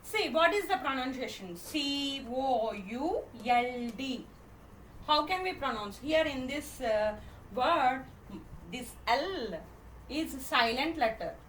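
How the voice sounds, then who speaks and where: Her voice sits high with lively intonation and a bit of brightness as this Indian English–accented woman teaches first graders to read. Each word gets spelled letter by letter and then spoken slowly, and she repeats questions and checks in with "okay?" Recorded in an echoey room from a distance, with faint noise.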